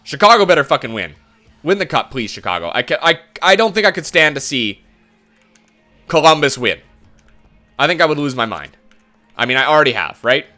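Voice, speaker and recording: Young male gaming host, high voice, ranting, swearing, exasperated play-by-play. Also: big pitch swings, fairly quick, pauses often, pushed and bright, faint music behind. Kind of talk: frustrated gameplay commentary.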